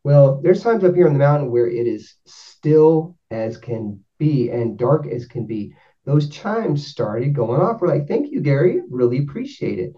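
A man's voice: mid-range voice, unhurried. A man from North Georgia, casually telling a rambling story and correcting himself as he goes. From North Georgia, USA. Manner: rambling, self-correcting, animated when quoting. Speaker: guest explaining spirit sessions. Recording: dull, distant from the mic.

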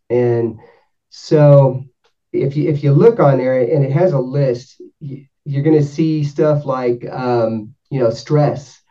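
A man's voice: medium pitch, slow pace, far from the mic. A man from North Georgia tells a loose, rambling story. He often restarts his sentences and livens up when he quotes other people. He sits back from the mic on a dull, muffled recording. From North Georgia, USA. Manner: rambling, self-correcting, animated when quoting. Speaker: guest explaining spirit sessions. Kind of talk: casual storytelling.

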